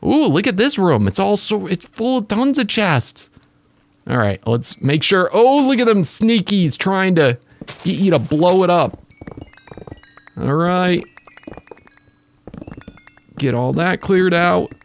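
A man narrating his own game play as he goes, an excitable gamer who exclaims at the creatures he finds. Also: high voice, slow pace, gravelly, long pauses, slight background noise. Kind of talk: casual gaming commentary.

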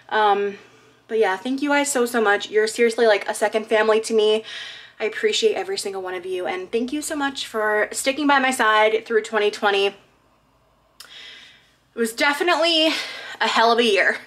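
A woman's voice: on the high side, a bit bright. A woman vlogger chatting casually and reading holiday cards aloud, gushing and emotional.

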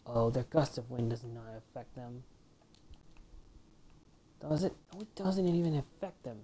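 Low-voiced woman muttering over gameplay. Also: expressive, unhurried, long pauses, mellow. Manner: mutters half-whispered asides between exclamations; playfully complaining. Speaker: let's play gamer. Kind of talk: casual gameplay commentary.

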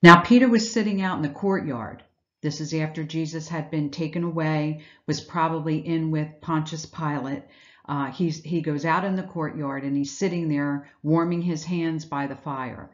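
Delivering an Easter message, a woman retells scripture reflectively, like a story, posing rhetorical questions. Her voice is deep and steady at a moderate pace, and the recording has its highs cut off.

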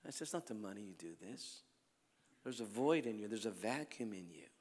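A man preaching at a healing crusade, telling stories and swinging between loud calls to the crowd and hushed lines. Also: lowish voice, animated, fairly quick. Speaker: evangelist preacher. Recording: long hall reverb.

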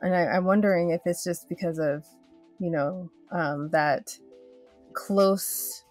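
Female host, lowish voice, measured and reflective, light fillers; faint music bed. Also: a little mellow. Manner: thoughtful, measured, with "uh" and "you know" fillers. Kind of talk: casual conversation.

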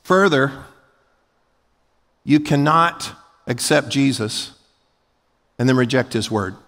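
A man's voice: mid-range voice, takes it slowly. A man preaching a sermon as pastor, emphatic and folksy, acting out short everyday scenes. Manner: emphatic, rising to loud peaks. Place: large church sanctuary. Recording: long hall reverb.

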